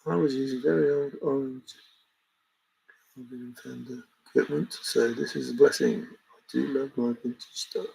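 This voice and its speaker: A man's voice: mid-range voice, fairly even intonation, moderate pace, vocal fry, mellow, slightly rough, poor audio. A man hosting a livestream, chatting casually in a rambling way and chuckling as he reacts to viewers' comments. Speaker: livestream host reading chat. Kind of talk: casual chat.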